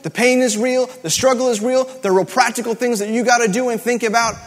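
A man's voice: very high-pitched, fairly even intonation, quick pace, in a large hall. A man preaching a sermon in a conversational, emphatic way, repeating key words for effect. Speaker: pastor.

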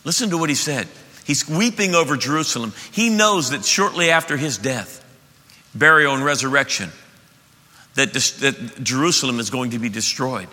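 A man preaching a sermon as pastor, emphatic and animated, often restarting his sentences. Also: medium pitch, normal speed. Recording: echoey hall.

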